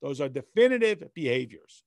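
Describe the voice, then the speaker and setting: A man's voice: medium pitch, sing-song, a little fast, gravelly, no echo. A man, a rabbi, leading a text study class. He reads passages in Hebrew and explains them in plain, conversational English with everyday analogies. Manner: conversational, patient teacher.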